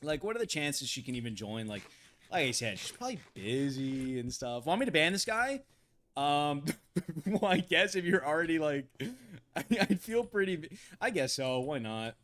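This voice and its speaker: A man chatting on a gaming live stream with a rather high voice that swings widely in pitch. He stammers, trips over his words and breaks into laughter often, sounding flustered. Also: very animated, normal speed, fairly bright tone.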